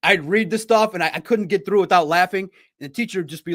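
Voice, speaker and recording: A man's voice: high voice, fast, few pauses, a bit bright. A man hosting a casual sports livestream, rambling and self-deprecating, often laughing at himself. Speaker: sports podcast host and reporter.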